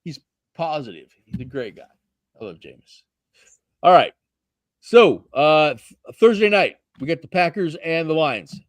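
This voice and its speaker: A man hosting a sports talk show, talking casually with friends. His pitch swings widely and he curses often. The sound is close and dry, with almost no room in it. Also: unhurried, pauses often, no room sound. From Seattle area. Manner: animated, swears freely, loose banter. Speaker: podcast host.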